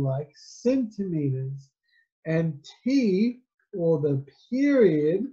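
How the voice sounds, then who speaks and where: A man's voice: on the high side, mellow, muffled recording. A man teaching a physics lesson, explaining in a conversational, rambling way with fillers. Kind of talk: recorded classroom lecture.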